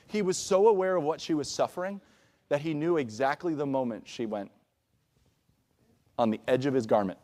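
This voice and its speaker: A male pastor delivering a sermon in a church, his voice pitched somewhat above most men's. He talks conversationally, checks in with the congregation through frequent asides and varies his pace between quick stretches and slow, deliberate emphasis. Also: a little mellow. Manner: conversational preaching with frequent "all right?" asides. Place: church sanctuary.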